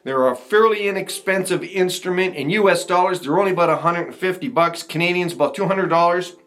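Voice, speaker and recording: A man teaching a ukulele strumming lesson, talking to viewers in a relaxed, encouraging way. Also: high voice, a little fast. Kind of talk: casual instructional talk. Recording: ukulele playing behind voice.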